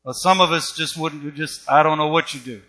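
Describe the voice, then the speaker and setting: A man's voice: on the high side, fairly even intonation, fairly quick, bright, forceful tone. A man preaching a sermon with an emphatic, repetitive cadence.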